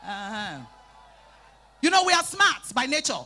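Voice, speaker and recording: A woman with a Nigerian Pidgin accent doing live stand-up comedy, telling animated stories, shouting out acted lines and teasing the crowd. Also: high voice, measured pace. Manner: animated storytelling, bursts into shouting and acted quotes, teases the crowd. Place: live event stage.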